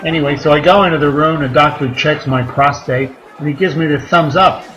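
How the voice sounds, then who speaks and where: A man performing a stand-up comedy set, rambling between deadpan one-liners and crude asides. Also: on the high side, a little fast, rough recording. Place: comedy club stage. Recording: live club recording with crowd noise. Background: audience laughter and room noise.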